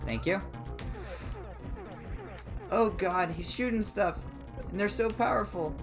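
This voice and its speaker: Excitable man commentating a game. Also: slow. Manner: excitable, jumps into high squeaky exclamations; comically dramatic complaining. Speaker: let's play gamer. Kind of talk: let's play commentary. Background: faint game music.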